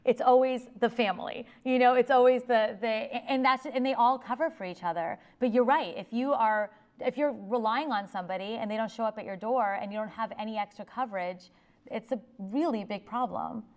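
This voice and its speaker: A woman attorney speaks to an audience in a library meeting room, taking questions as she goes. Her voice sits slightly high. She talks fast and animated, often breaking off and restarting her sentences. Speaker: attorney giving a talk. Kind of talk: informal lecture with audience questions.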